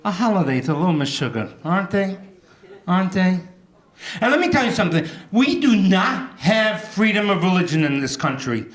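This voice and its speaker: A middle-aged man doing a stand-up comedy set, animated and jumping into shouted high voices for punchlines. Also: moderate pace. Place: event hall before an audience. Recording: echoey live room.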